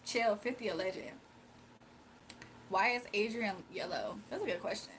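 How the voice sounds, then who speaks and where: Medium in pitch and moderate in pace, this woman's voice comes with a little hiss or hum. She hosts a relaxed livestream, bantering playfully with her audience, reading out comments and laughing a lot.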